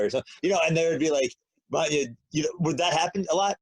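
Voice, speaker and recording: A man's voice: on the high side, fast talker, slightly rough, dry recording, poor audio. A man hosting a podcast, asking a long, rambling, hesitant question in casual chat. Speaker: podcast host.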